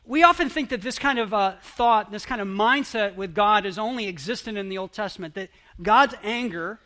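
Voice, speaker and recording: A pastor preaching a sermon in an earnest, halting way, often restarting his phrases. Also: high-pitched, pushed and bright.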